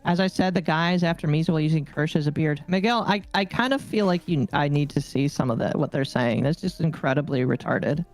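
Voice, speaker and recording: A podcast co-host chatting over a call with dry, amused reactions, at a mid pitch. Faint music plays in the background. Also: a little fast, hardly any pauses. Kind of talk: casual chat.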